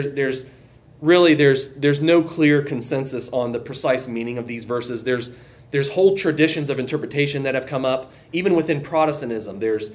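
A man leading a group Bible study, speaking loosely and conversationally, with a voice that rises as he gets excited. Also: medium pitch. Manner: enthusiastic, voice rises when excited; loose and conversational, with restarts and asides.

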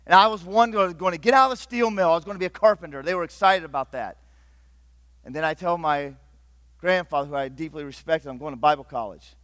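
A middle-aged man from Northeast Ohio preaching a sermon, swinging between loud urgent bursts and hushed, intimate passages. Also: high voice, fairly quick, no echo. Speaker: pastor.

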